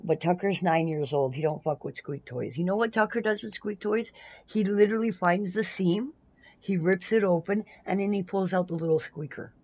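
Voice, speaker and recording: A Canadian woman streaming a game live, chatting casually, swearing freely and breaking into loud playful outbursts. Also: lowish voice, steady tone, normal speed, slightly rough, low-quality recording. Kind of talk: casual live-stream chat while gaming.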